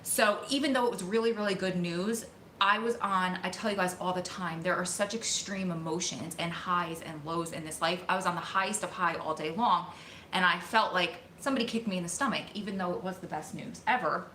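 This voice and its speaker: A woman vlogger telling a story to her viewers in an excited, emotional, rushing way. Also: fairly low pitch, a little hiss or hum. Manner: excited, emotional, talks fast in bursts. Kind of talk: casual storytelling to camera. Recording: echoey room.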